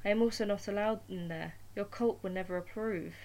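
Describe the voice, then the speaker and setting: A woman's voice: medium pitch, a little fast, a little mellow, lightly acted. A woman voicing a mischievous male trickster god in a storybook reading, with a playful, teasing delivery.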